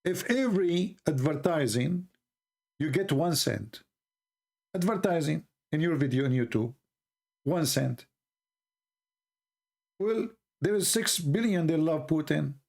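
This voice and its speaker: This middle-aged show host from the Middle East mocks and mocks again in a sarcastic livestream monologue, delivered in broken English with a Middle Eastern accent. His voice is a little high and a little mellow, gravelly, with lively intonation, a slow pace, and long pauses.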